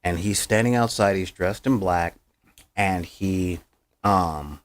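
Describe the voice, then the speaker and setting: A man's voice: low voice, slow pace. A man hosting a podcast, recapping an episode in casual, slangy and heartfelt chat. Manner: slangy, heartfelt, with frequent fillers. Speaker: podcast host.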